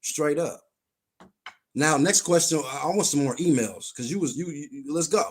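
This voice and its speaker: A man's voice: fairly high pitch, moderate pace, breathy edge. A man guesting on a live stream, arguing bluntly and insistently, repeating his points. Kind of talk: heated live-stream debate.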